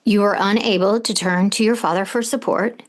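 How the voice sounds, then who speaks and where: A woman's voice: medium pitch, steady tone, moderate pace. A middle-aged woman hosting a podcast, talking earnestly and directly and putting questions to her listeners. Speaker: podcast host and coach. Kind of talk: advice monologue.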